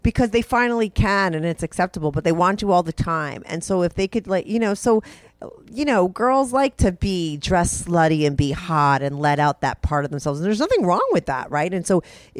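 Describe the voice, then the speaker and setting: A woman's voice: low-pitched, no echo. A woman hosting a podcast who chats frankly with a caller, swearing freely. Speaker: podcast host. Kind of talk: casual phone interview chat.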